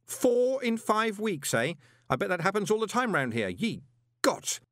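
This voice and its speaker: A man's voice: high voice, very animated, a little slow, fairly bright tone, no room sound, clean studio sound, pitched above the performer's own voice, full character voice. A man voicing a theatrical, easily panicked young male conman. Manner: screaming, theatrical.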